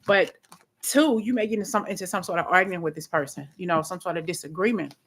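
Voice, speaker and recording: A woman gives a live tarot reading from home. Her voice sits a little low, and she talks in a loose, rambling way, stumbling over and repeating her words. Faint clicks sit in the background. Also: quick pace, background noise. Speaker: tarot reader.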